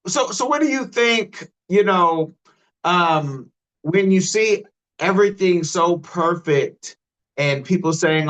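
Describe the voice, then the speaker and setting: A man's voice: a little high, slow pace, fairly bright tone. A man from the United States hosting a podcast interview, joking and rambling, often stumbling over his words. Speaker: podcast host. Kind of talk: interview conversation.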